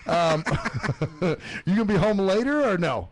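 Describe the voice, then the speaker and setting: Male radio host; casual rambler, animated pitch, curses freely. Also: normal speed. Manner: loose, swearing, laughing, rambling with many fillers. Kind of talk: casual chat.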